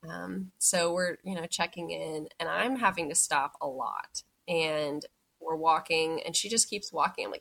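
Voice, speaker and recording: With a low, gravelly, fairly bright voice, a young woman unhurriedly tells her birth story as a podcast guest. Her casual storytelling is chatty and full of "like," and she acts out the things she said at the time.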